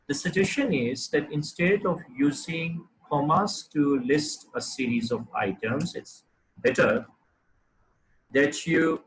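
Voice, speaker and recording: A man teaching a lesson on clear writing, explaining examples step by step with frequent fillers and restarts. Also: medium pitch, a bit bright, rough recording. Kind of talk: lecture on writing.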